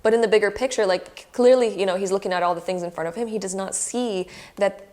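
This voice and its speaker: A woman's voice: medium pitch, fast, a little mellow. A young woman reads tarot cards for her viewers in a loose, chatty way, with "like" peppered through her sentences. She gets openly emotional as she talks, and she sits close to her camera. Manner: chatty and effusive, heavy use of "like", emotional. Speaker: tarot reader. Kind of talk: casual pick-a-card tarot reading to camera.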